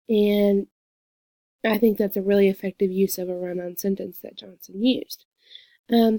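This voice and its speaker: A young woman, a student giving a peer review of a classmate's work, reading quoted passages aloud slowly and commenting on them earnestly. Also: medium pitch, warm tone, no echo.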